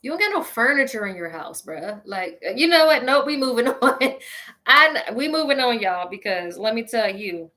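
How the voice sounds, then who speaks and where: A woman with a voice on the high side, talking at normal speed, hosts a show. She delivers a casual, comedic rant directly to listeners, sassy, petty and animated, laughing a lot along the way.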